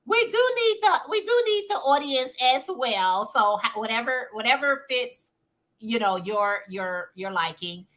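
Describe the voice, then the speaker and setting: Woman, livestream host, informal chat, sharp bright tone, slightly high voice. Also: sing-song, a little slow. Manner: reads chat messages aloud, chatty and informal. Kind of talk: casual chat reading viewer comments.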